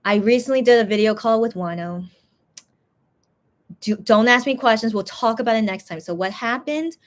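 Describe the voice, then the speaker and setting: A woman's voice: fairly high pitch, normal speed. Chatty woman reading fan comments on a stream. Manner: chatty, rambling, reads comments aloud. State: tired. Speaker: livestream host reading fan chat. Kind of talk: casual chat.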